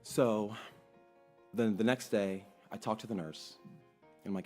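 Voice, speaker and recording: A young adult man telling a personal story in a casual, animated way, acting out quoted voices and swearing freely. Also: on the low side, unhurried, long pauses, faint music behind.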